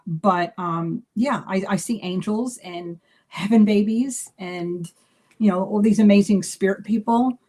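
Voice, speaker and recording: A psychic medium chatting on a live video, telling animated stories with lots of restarts and fillers. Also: female voice, mid-range voice, measured pace. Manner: animated storyteller acting out dialogue. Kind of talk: casual live video chat.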